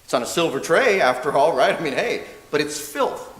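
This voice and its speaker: A man serving as a minister's assistant gives a dharma talk, telling a story in a lively, self-mocking way and acting out what people said. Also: on the high side, fairly quick. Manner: lively, self-mocking storyteller who often laughs and acts out quotes. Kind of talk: storytelling sermon. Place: church hall. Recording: echoey hall with faint hiss.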